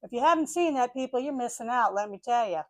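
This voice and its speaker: An older woman chatting casually on her vlog, telling a story in an animated way and acting out the voices of the people and animals in it. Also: fairly high pitch, fast talker, no echo. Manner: animated, acts out voices of dogs and neighbors. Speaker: vlogger.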